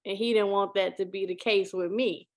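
A woman hosting a podcast, telling a story in casual chat, animated and acting out what people said. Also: mid-range voice, normal speed. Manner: animated, acts out quotes, laughs often. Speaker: podcast host.

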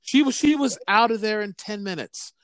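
Smooth-voiced man telling a rambling story. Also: high voice, moderate pace, fairly bright tone, no room sound. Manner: rambling storyteller, swears freely. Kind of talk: casual chat.

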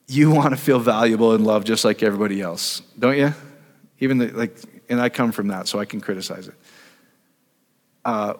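Man preaching in a reverberant hall. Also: mid-range voice. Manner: conversational, asks the audience questions, trails off and restarts. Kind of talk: casual teaching sermon.

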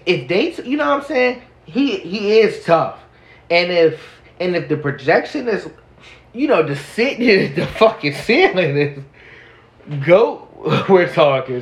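A man's voice: high voice, very animated, slow. A man co-hosting a podcast, talking sports in a slangy, emphatic, casual way. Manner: slangy, emphatic, many restarts. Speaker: podcast co-host. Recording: roomy echo.

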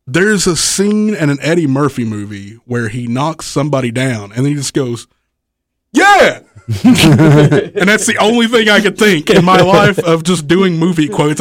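On the high side and measured in pace, a wrestling promoter's voice is captured in studio quality with no room sound. As a podcast guest, he spins a rowdy story, cursing, laughing frequently, and voicing the people in it.

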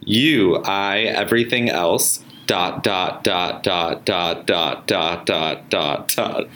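A man reads out a male chatbot in a light robotic voice, very deep and very slow as it stumbles over the same few words. Its delivery is halting, with each word repeated, like a script read aloud. There is a faint hiss behind it. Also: sharp tone, full character voice. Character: male chatbot, terse and repetitive.

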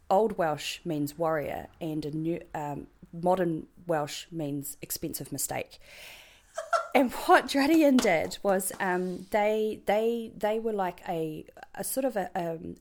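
Low-voiced New Zealand woman, rambling. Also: a little mellow. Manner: rambling, full of ums and restarts; chatty, laughs at her own jokes. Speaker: guest. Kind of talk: casual interview chat.

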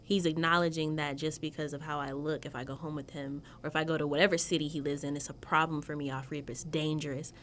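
A woman's voice: low voice, fast talker, hardly any pauses, slight background noise. A woman podcast co-host from the Southern US, telling stories in casual chat and acting out the voices of people in them. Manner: animated storytelling, acts out voices.

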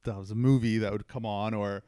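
A man co-hosting a podcast in relaxed, plain-spoken casual chat. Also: lowish voice, fairly quick, clear, resonant tone, dry recording, clean studio sound. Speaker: podcast co-host. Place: Los Angeles.

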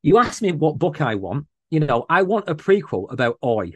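A man's voice: on the high side, very animated, normal speed, slightly rough, dry recording. A man, a guest on a podcast, chatting casually and talking with earnest passion about a favorite book character. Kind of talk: casual chat.

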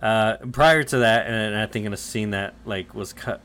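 A man's voice: on the low side, moderate pace, fairly bright tone, slight background noise. A man co-hosting a podcast, retelling anime episodes in loose casual chat full of fillers, swearing and acted-out character lines. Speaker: podcast co-host recapping anime.

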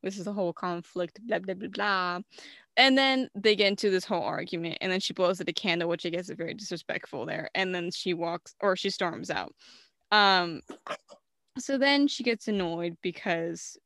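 A woman's voice: on the low side, normal speed, vocal fry, a bit bright, no room sound, studio quality. Chatty young woman recapping a movie. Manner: retells scenes with lots of fillers and acted-out quotes. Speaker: co-host reviewing a movie. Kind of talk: casual chat.

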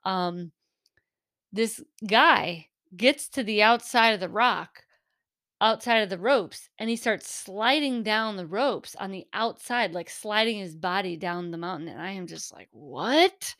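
Middle-aged woman telling her own story, heartfelt and animated, dry close mic. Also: mid-range voice, measured pace, no room sound. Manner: earnest, emotional, animated retelling with laughs. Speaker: podcast host. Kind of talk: personal storytelling.

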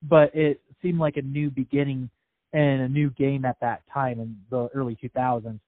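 A man's voice: mid-range voice, level tone, normal speed, no room sound. A man co-hosting a podcast, casually recounting game and film history in a hesitant way with many fillers. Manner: fact-listing, hesitant with fillers. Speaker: podcast co-host. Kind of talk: casual movie review chat. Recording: dry, tinny phone-like sound.

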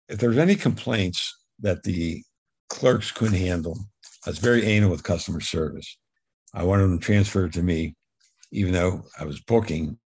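Middle-aged man, husky low voice, casual rambling storyteller in an interview. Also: darkish tone, dry recording. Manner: rambling anecdotal storyteller, repeats words. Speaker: guest telling his life story.

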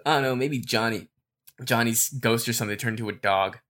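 A man of ordinary pitch co-hosting a casual podcast. He rambles through fan theories at an easy pace, trailing off and filling gaps with ums and likes. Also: fairly quick. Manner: relaxed, rambling with fillers. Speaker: podcast co-host.

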